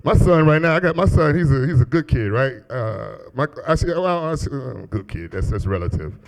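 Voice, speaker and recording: Profane stand-up comic working a club crowd. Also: male voice, medium pitch, animated, a little fast. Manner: loose, crowd-teasing, profane, laughs at own jokes. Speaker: stand-up comedian. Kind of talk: live stand-up set. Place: small comedy club. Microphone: handheld stage mic.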